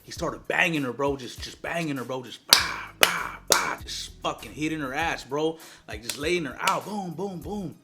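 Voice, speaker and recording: A man's voice: a little high, lively intonation, moderate pace, few pauses, loud music behind the voice. Laid-back slangy young man telling a story. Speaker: mukbang host. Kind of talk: casual storytelling while eating.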